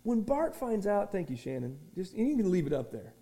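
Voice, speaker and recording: Guy preaching in church, really high voice, goes from quiet to yelling. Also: very animated, brisk, few pauses. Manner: preaching with sudden shouted peaks and quiet asides. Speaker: pastor. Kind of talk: sermon.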